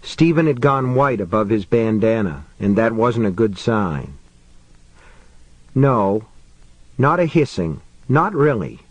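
A male audiobook narrator telling a horror story in a measured, wry way. His voice sits at a middling pitch, neither high nor low, and the recording is dry and close, with no room sound. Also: no echo. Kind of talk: scripted narration of a horror novel.

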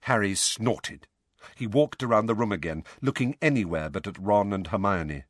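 A man narrating a storybook with expressive storytelling. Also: lowish voice, moderate pace, dry recording, clean studio sound. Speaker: audiobook narrator. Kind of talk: scripted narration.

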